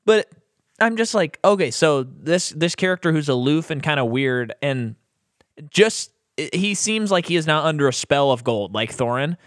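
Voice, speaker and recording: A man's voice: on the high side, moderate pace, dry recording. Man, podcast co-host, casual movie review chat, laughing, blunt, dry sound. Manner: animated, laughs often, blunt opinions.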